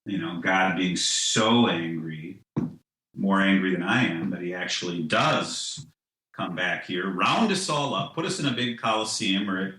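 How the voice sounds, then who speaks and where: A man's voice: sits low, a little slow, pushed and bright, echoey room, low-quality recording. A man talking in a casual podcast conversation, rambling with many restarts and "you know"s, and laughing at his own ideas. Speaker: guest, comic writer.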